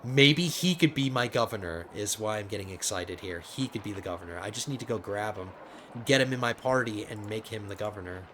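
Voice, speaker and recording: A man hosting a let's play, giving casual gameplay commentary and getting excitable as he thinks aloud. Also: fairly low pitch, fairly quick, background noise. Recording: game music playing under the voice. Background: game music.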